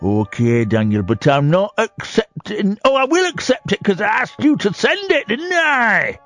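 A radio host putting on a Yorkshire accent to play a chatty bloke, teasing a caller in banter. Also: male voice, high voice, big pitch swings, normal speed, a bit bright, faint music behind, voice pushed up, heavily acted. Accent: Yorkshire, put on.

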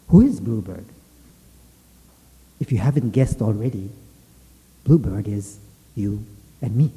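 Man, Buddhist teacher, gentle and unhurried storyteller, long hall reverb. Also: lowish voice. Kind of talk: storytelling dharma talk.

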